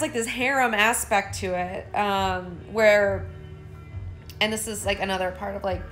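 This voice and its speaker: Gravelly-voiced woman rambling late at night. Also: mid-range voice, pushed and bright. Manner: rambling, profane, with many "like" fillers. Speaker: content creator. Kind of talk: late-night casual vlog chat.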